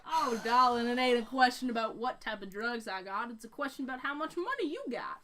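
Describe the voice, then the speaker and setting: A woman voicing a sly male trader with a put-on Texan country drawl, speaking slowly. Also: a little high, fairly even intonation, noisy background, close to an everyday voice.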